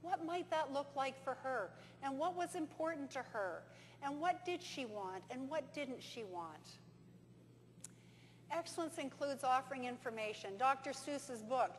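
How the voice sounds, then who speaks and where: A woman giving a conference talk, telling stories and acting out dialogue in an animated way. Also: sits high, measured pace. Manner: animated storyteller, acts out dialogue. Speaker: conference presenter. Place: conference hall. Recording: reverberant hall with faint hum.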